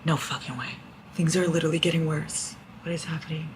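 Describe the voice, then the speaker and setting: A woman vlogging casually about a book series, excitable, swearing and reacting loudly as she reads. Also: deep voice, brisk, slight background noise, rough recording. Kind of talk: casual reading vlog.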